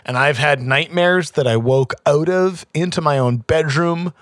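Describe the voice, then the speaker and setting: A man running a tabletop game as game master, excitable and loud, swearing freely in casual chat. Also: fairly high pitch, unhurried, dry recording, clean studio sound.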